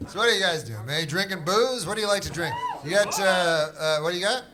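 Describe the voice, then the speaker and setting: A middle-aged man from Canada doing stand-up crowd work, with rambling, deadpan, drawling storytelling. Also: sits high, background noise. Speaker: stand-up comedian. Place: comedy club stage. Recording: live club set with a loud crowd. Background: audience laughter.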